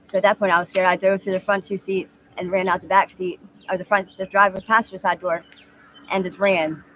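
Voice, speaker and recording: A woman in her thirties speaks quickly and candidly, halting often with fillers as she recounts her story. She is recorded outdoors on a street, with faint birdsong and street noise behind her. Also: mid-range voice, level tone, a bit bright. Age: 30s. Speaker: interviewee. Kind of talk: street interview.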